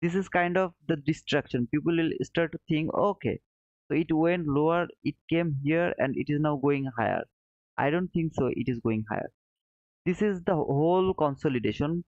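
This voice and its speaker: A man with a slightly high, gravelly voice runs a live trading lesson, talking through his chart as he marks it. He chats warmly with viewers, calling each one brother. The sound is dry and a bit dull, like a lo-fi mic. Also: normal speed, dry recording. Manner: friendly, calls viewers brother, thinks aloud while charting. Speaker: trading stream host. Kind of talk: live trading commentary reading chat.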